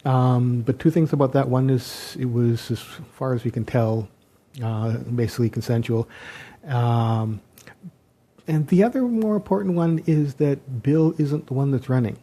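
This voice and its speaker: A man giving an unscripted political commentary, hesitant and halting, with sardonic asides. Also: mid-range voice, warm tone. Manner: hesitant, many ums and restarts, sardonic asides.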